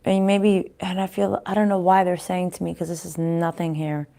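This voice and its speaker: Gravelly low-voiced woman reading tarot. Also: little pitch movement, mellow. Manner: pauses to consult spirits aloud, restarts often. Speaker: tarot card reader. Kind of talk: casual spiritual reading to viewers.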